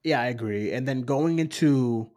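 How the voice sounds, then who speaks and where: A man hosting a casual movie discussion, rambling and animated, often acting out what others said. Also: mid-range voice, normal speed. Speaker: podcast host.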